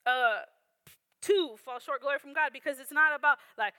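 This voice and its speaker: A woman's voice: high-pitched, normal speed, pushed and bright, no room sound. A young woman teaching a Bible lesson in an earnest, conversational way, often checking in with "right?". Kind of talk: sermon.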